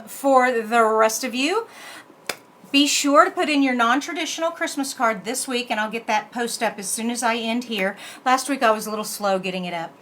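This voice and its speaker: A woman's voice: a little high, a bit bright. Chatty woman in an echoey room. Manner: chatty, talks to herself while working the computer. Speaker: card-making channel host. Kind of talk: casual live stream chat. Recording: echoey room with faint background noise.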